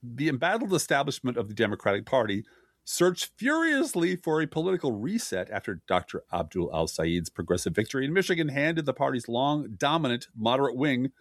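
A man's voice: mid-range voice, very animated, a little fast, no echo, studio quality. A man co-hosting a casual political podcast, reading news quotes aloud with sarcastic asides. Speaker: podcast co-host.

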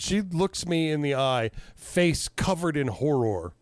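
A man chatting casually, telling animated stories, swearing freely and acting out what people said. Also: fairly high pitch, moderate pace, hardly any pauses, smooth, no room sound. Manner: animated storyteller, swears freely, acts out quotes. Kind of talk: casual chat.

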